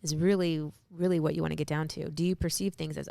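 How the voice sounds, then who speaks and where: Fast-talking woman with a gravelly voice. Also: low-pitched, level tone, mellow, no echo. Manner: musing, reflective, acts out her own past remarks. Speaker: podcast guest. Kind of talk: casual spiritual chat.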